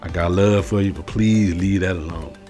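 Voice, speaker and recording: Emphatic low-voiced man ranting. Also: fairly even intonation, soft background music. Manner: emphatic, repetitive, slow and forceful on key phrases; casual slangy delivery. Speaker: sports commentary host. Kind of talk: opinion rant to camera.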